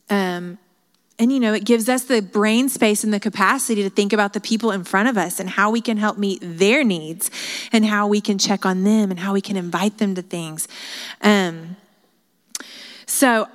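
A woman leading a women's Bible study, teaching in an earnest, chatty way with frequent asides and fillers. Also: mid-range voice. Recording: hall reverb.

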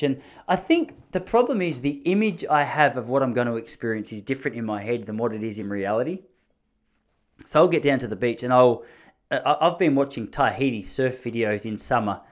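A young Australian man chatting casually on his own, rambling and swearing, laughing easily, with his pitch jumping when he is amused. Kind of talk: casual monologue.

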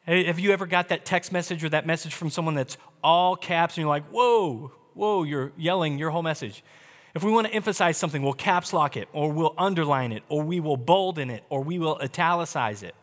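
Emphatic male preacher in a reverberant hall. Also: a little high. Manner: emphatic, varies pace, slow deliberate stresses with quick asides. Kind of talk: sermon.

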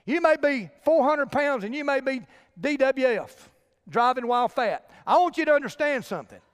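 Preacher, male, very high voice, emphatic pulpit delivery, long hall reverb. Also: animated, moderate pace, smooth. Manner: emphatic preaching, addresses the congregation directly. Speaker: pastor. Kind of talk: sermon.

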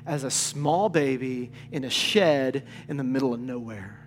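A man preaching a sermon as a pastor, telling stories with lively energy and dropping to a hush for key points. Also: mid-range voice, a little slow, slight background noise. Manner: lively storytelling, plays out quoted voices. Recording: reverberant hall with faint music.

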